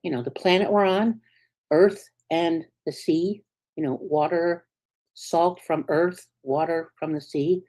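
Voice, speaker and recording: Earnest conversational woman minister preaching. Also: a little slow. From United States. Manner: conversational, earnest, asks the congregation "right?"; swings between soft low asides and sudden bright emphatic peaks. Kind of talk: sermon.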